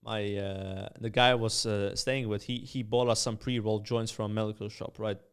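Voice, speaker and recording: A young man with a Maltese accent, a streamer who tells animated stories with lots of "uh" and "like" as a podcast guest. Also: lowish voice, moderate pace, clear, resonant tone. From Malta. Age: young adult. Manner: animated storyteller, many fillers. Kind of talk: casual storytelling chat.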